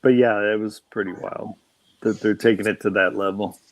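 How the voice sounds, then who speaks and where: A man's voice: lowish voice, fairly even intonation, normal speed. A man telling rambling, joking stories in a casual group conversation.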